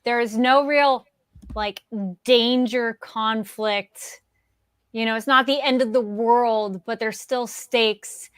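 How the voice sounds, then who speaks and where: Gushing, high-voiced woman guest. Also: slow pace, smooth, no room sound. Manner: gushing, excited. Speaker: podcast guest. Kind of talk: casual chat.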